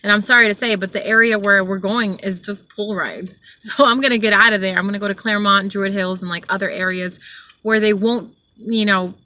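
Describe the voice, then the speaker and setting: A woman from Georgia, a rideshare driver, telling a story in a rambling, animated way, full of fillers. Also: mid-range voice, brisk. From United States (Georgia). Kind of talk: casual storytelling vlog. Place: inside a car.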